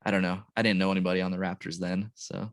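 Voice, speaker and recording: A man's voice: deep voice, flat delivery, fast, no echo. A man hosting a podcast, chatting casually in a laid-back way about sports memories. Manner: laid-back, says dude and man a lot. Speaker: podcast host. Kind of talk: casual chat.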